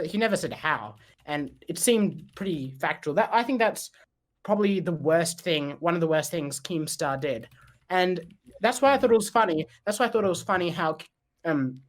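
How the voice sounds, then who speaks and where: A man co-hosting a podcast, talking casually with hesitant restarts and throat clearing. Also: fairly high pitch. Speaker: podcast co-host. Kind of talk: casual chat.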